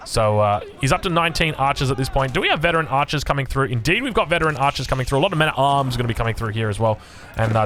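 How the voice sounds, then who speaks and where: A man's voice: fairly high pitch, a bit bright, a little hiss or hum. An Australian man casting a strategy game match solo, chatty and jokey, with frequent fillers and restarts. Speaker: esports caster. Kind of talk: solo play-by-play game commentary.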